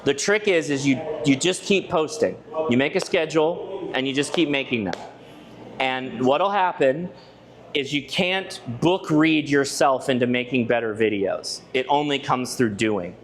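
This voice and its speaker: A man speaking at an ordinary mid pitch gives a presentation at a club meeting. He talks in a loose, chatty storytelling way, restarting sentences and tossing asides to the listeners. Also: unhurried, crowd noise. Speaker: ham radio channel presenter giving a club talk. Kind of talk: conversational presentation to a live audience. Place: club meeting room with a live audience.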